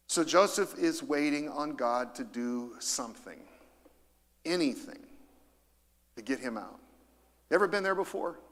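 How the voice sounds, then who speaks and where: A middle-aged man preaches to his congregation, swinging between emphatic high points and quieter asides. He calls out for the room to answer back. The sound rings with the long reverb of a large church hall. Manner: lively, rising to emphasis, calls for audience responses. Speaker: pastor. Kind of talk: sermon. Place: church auditorium.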